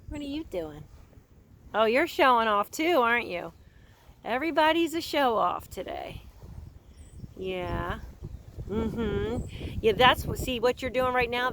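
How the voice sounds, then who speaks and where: A woman's voice: medium pitch, noisy background. A woman chatting casually for her vlog outdoors on a farm pasture, cooing at her animals as she goes. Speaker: horse owner and vlogger.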